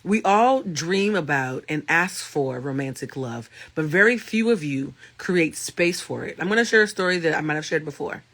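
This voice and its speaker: A man with a thick, raspy voice speaks with a bright, cutting edge, pitched a little on the high side. He is a life coach and tarot reader talking casually to his livestream audience. He tells his stories with animation and swears freely. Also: animated, normal speed, hardly any pauses. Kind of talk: casual livestream talk to viewers.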